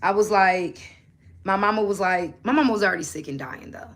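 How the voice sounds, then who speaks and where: A woman hosts a relaxed motivational livestream. Her voice is bright and forward, and her delivery is animated and preachy. She keeps turning to her viewers with pointed questions. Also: medium pitch, a little fast. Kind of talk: casual livestream talk.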